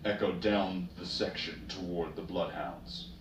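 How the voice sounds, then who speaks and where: A man narrating a story in a measured, steady way. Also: deep voice. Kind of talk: story reading. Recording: roomy, distant, noisy ambience.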